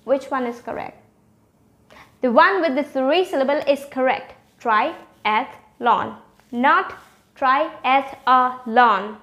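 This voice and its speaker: High-voiced young woman teaching pronunciation. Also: a bit bright. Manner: drawn-out, repeated demonstration of word sounds with quizzing questions. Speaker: channel host and pronunciation teacher. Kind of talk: casual pronunciation lesson to camera.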